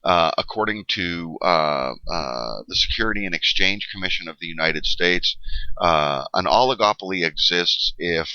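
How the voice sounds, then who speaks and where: A man's voice: low-pitched, pushed and bright, no echo. A middle-aged man giving a history lecture, explaining step by step with frequent fillers and checks of "okay?". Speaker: history teacher. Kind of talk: classroom lecture. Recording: dull lo-fi dry recording.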